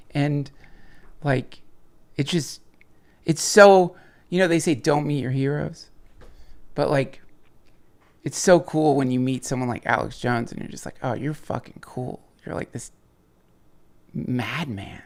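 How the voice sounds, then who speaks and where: Gravelly dude rambling on his late night stream, swears a lot, keeps restarting sentences. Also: a little high, measured pace, long pauses, a little mellow. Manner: rambling, profane, frequent restarts and chuckles. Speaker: livestream host reading viewer chats. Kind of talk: casual rambling monologue.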